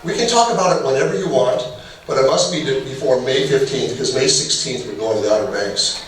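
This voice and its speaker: A man's voice: medium pitch, brisk. Man, middle-aged, workshop presenter, conversational and humorous, distant mic, faint background hiss. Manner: humorous, conversational, acts out little dialogues. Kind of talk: casual workshop talk with personal stories. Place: large echoey hall. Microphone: distant room mic. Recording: echoey hall, far from mic, faint noise.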